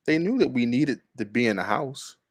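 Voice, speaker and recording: A man reading aloud the words of a woman who recalls her family's help, slow and earnest. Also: medium pitch, expressive, dry recording, close to an everyday voice.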